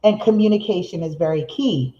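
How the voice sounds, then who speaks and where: Here a middle-aged woman with a fairly low voice hosts a live-streamed motivational talk, sitting indoors. She reads comments from viewers aloud, laughs frequently, and shifts between rushing when excited and slowing for emphasis. Her stream audio comes across roomy and a bit dull.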